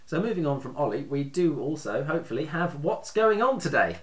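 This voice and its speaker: A man's voice: a little high, expressive, brisk. A man hosting a casual podcast, telling stories in a chatty way and laughing often. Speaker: podcast host.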